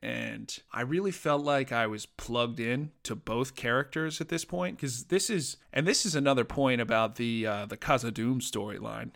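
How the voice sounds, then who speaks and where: A man's voice: mid-range voice, gravelly, fairly bright tone. Chatty man reviewing a fantasy episode. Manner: chatty, enthusiastic fan, frequent fillers and restarts. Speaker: podcast host reviewing a TV episode. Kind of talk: casual solo review.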